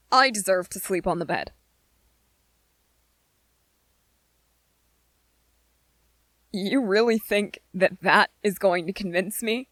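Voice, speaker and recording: A woman's voice: mid-range voice, fairly bright tone, no room sound. Snippy sarcastic young trainee boy, woman doing him, whispered role-play, dry close sound. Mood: bitter. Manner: biting, sarcastic, strained. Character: irritable young male soldier trainee, sarcastic.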